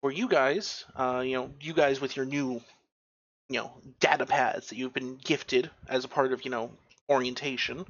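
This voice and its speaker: A man with a mid-range, slightly bright voice narrates as game master of a tabletop game. He rambles with many fillers and restarts, and the recording sounds dull and lo-fi.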